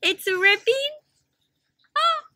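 A woman reading aloud to children with a high, very bright voice, animated and full of questions to her young listeners. The recording is close and dry, with no room sound at all. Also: very slow, dry recording. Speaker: children's storyteller. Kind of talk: interactive read-aloud for kids.

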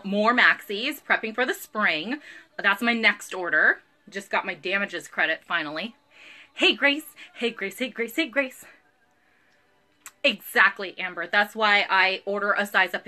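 A woman's voice: mid-range voice, sharp tone. A woman in her thirties hosting a casual live-stream sale, chatty and bubbly, greeting viewers by name.

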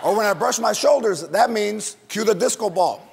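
A brash male late-night host cracks jokes and shouts, his high voice rough with gravel. The studio rings with a long reverb, with music and a live audience audible behind him. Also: expressive, normal speed, a loud crowd, heavy background noise. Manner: brash, joking, bursts of shouting. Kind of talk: comedic monologue and interview.

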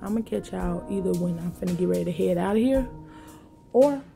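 A woman's voice: fairly low pitch, brisk, vocal fry, mellow, faint music behind. A woman talking casually and emotionally to her vlog viewers, rambling in slangy speech from a car. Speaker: vlogger.

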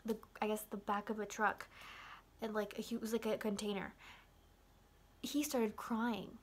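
A young woman casually recapping a film's ending, rambling with lots of "like" and excited asides. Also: medium pitch, unhurried. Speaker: vlogger.

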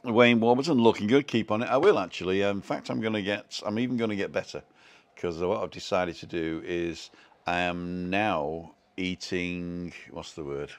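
A man's voice: deep voice, normal speed. A man hosting a casual live stream, chatting in a self-deprecating way and reading out viewer comments from home.

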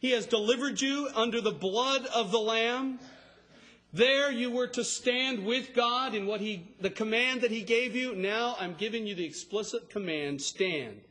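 A man preaching an expository sermon, emphatic and rising to a shout on key words. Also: very high-pitched, unhurried. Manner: expository, explains scripture line by line. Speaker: pastor.

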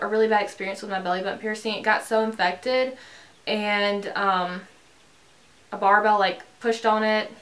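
A woman's voice: medium pitch, fairly bright tone. A young woman chatting casually to camera in a bubbly, rambling way, full of fillers, filming a tag video at home. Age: young adult. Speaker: beauty vlogger. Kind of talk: casual chat. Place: bedroom in her house.

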